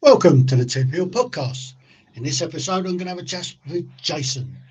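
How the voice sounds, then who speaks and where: An English man in his fifties hosting a podcast, chatty and quick to laugh as he tells anecdotes. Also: a little high, expressive, background noise. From England. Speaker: podcast host. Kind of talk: casual interview chat. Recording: dull lo-fi sound.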